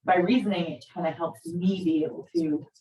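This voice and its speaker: Woman in the crowd asking something, halting, sounds far off in a big echoey room. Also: on the low side, steady tone, dark tone. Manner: hesitant, searching for words. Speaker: participant asking a question. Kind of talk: casual question. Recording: echoey room, distant mic.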